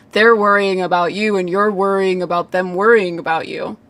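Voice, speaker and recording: A woman's voice: mid-range voice, measured pace, fairly bright tone, no room sound. A woman giving live psychic readings in a casual livestream chat, full of "like" fillers, frequent laughs and casual swearing.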